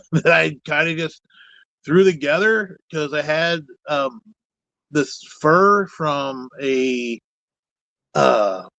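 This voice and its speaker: A man's voice: a little high, a bit bright, no echo, low-quality recording. A man being interviewed as a guest, speaking in a casual, rambling and candid way with some mild cussing. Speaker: guest, puppet builder. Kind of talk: casual chat.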